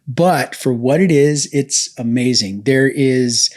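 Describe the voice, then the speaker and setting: An enthusiastic man co-hosting a podcast, chatting casually at a middle pitch. He tells stories eagerly and talks at length. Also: slow pace, darkish tone. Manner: enthusiastic, talkative, storytelling. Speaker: podcast co-host.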